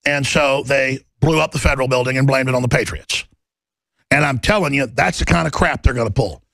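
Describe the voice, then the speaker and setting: A man hosting a talk show, delivering an impassioned, urgent monologue that bursts into shouting. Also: mid-range voice, a little fast, gravelly, dry recording.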